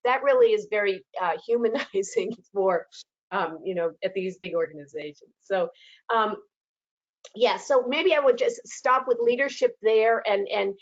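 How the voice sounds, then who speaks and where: A woman's voice: mid-range voice, normal speed. A woman panelist in a casual webinar discussion, chatty, with frequent fillers and laughter, heard over a video call. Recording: dull lo-fi call audio.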